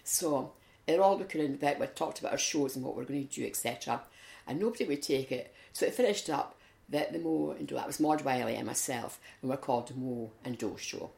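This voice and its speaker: A woman with a Scottish accent, chatting in an interview and telling lively anecdotes, acting out what people said. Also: extremely low pitch, a little fast, vocal fry. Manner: lively storyteller, acts out quotes. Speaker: interviewee, community volunteer. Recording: echoey room.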